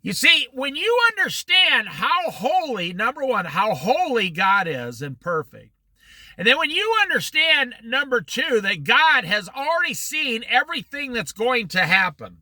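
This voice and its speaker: A middle-aged man teaching an informal Bible study, telling stories with lively quoted voices. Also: very high-pitched, unhurried, dry recording. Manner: animated storytelling with quoted voices.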